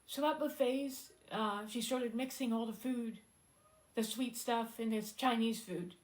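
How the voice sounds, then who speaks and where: Woman chatting on her live stream, halting and emotional, lots of ums, near tears. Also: on the high side, low-quality recording. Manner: heartfelt, halting, many fillers, fighting back tears. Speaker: singer-songwriter hosting a live stream. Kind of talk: casual live-stream talk.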